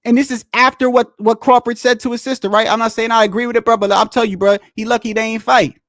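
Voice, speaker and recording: High-voiced man rambling about boxing. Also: flat delivery, fast talker, a bit bright, dry recording, clean studio sound. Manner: rambling, repeats "bro", restarts often. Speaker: streamer reacting to boxing clips. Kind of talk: casual reaction commentary.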